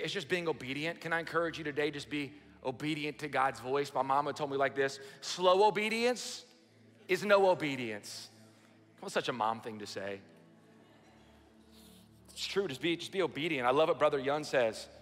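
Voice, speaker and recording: A man's voice: medium pitch, fairly bright tone. A male pastor preaching a sermon to his congregation, earnest and emphatic, repeating phrases for stress. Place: large church auditorium. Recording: church hall reverb.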